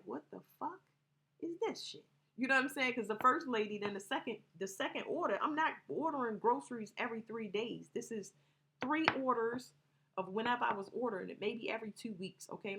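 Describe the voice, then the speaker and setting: A woman's voice: fairly high pitch, quick pace, a bit bright. Rambling, profane woman telling stories. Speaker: vlogger telling personal stories. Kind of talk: casual storytelling to viewers.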